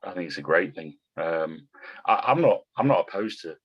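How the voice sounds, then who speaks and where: Brief: low-pitched man, blunt and sweary, podcast guest. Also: expressive, moderate pace, lo-fi sound. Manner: blunt, swears freely, repeats words. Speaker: guest bodybuilder. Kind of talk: casual podcast chat.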